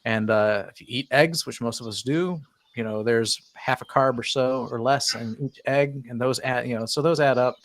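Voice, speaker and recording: A man's voice: mid-range voice, normal speed. A middle-aged man hosting a casual online panel chat, reading viewer comments aloud and rambling through his answers.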